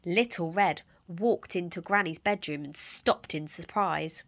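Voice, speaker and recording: A woman storyteller reading a children's story aloud in an expressive, animated way. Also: on the low side, slow, hardly any pauses.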